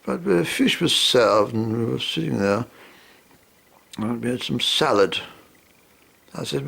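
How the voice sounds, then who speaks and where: A man's voice: mid-range voice, lively intonation, measured pace, gravelly, long pauses, fairly bright tone, husky. A man telling a humorous personal anecdote in a rambling way, full of fillers and asides. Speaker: storyteller.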